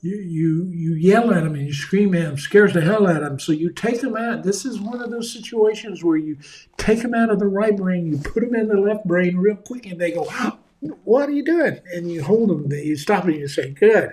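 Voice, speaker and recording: A man's voice: high voice, fairly quick, a little mellow. A man giving a conversational leadership seminar in a folksy manner, acting out the voices of the people he quotes. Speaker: leadership speaker.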